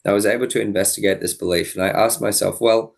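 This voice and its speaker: Podcast guest, young man, low gravelly voice, earnest reflective storyteller. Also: fairly even intonation, fast talker. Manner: earnest, thoughtful, with frequent restarts and quoted dialogue.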